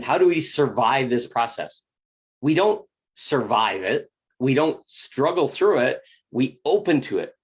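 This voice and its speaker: A man speaks in an earnest, animated way about inner growth, now and then slipping into little acted-out quotes. His voice sits a bit higher than most men's and carries a rough, gravelly fry. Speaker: spiritual teacher. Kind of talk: motivational spiritual talk.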